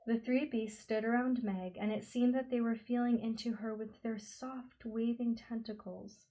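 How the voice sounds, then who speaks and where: A woman reading a novel aloud as an audiobook narrator, slow and expressive. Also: on the high side, low-quality recording. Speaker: audiobook reader. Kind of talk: scripted storybook narration.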